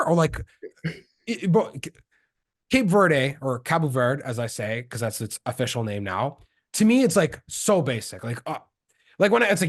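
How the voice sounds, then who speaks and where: In casual chat as a podcast guest, a young man from Canada tells slang-filled stories and does the voices of the people he quotes. He has a medium-pitched voice with big pitch swings and talks at a moderate pace.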